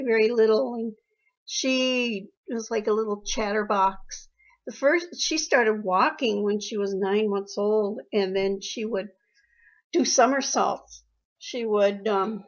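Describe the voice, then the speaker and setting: Older mom telling stories about her kid, kinda slow, a bit higher voice, muffled audio. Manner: warm storytelling, emotional, repeats phrases. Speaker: interviewee, mother. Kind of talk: reminiscing interview. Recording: dull lo-fi recording.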